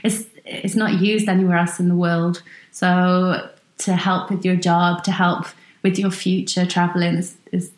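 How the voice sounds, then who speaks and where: A woman's voice: lowish voice, level tone, measured pace, reverberant. A woman from South Wales with a mostly neutral British accent, chatting as a guest and laughing often. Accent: neutral British English, faint Welsh. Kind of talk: casual chat.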